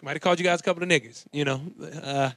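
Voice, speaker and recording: A man with a high voice who talks fast in a casual chat and gets animated while retelling jokes, slipping into acted voices. His voice sits close to the mic and sounds dry. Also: dry recording. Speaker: co-host discussing stand-up comedy.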